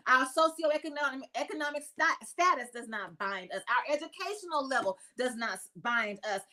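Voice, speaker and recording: High-voiced woman preaching emphatically. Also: sharp tone. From United States. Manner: emphatic, repeats phrases in lists, laughs often. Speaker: reverend and podcast host. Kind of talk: preachy spiritual talk.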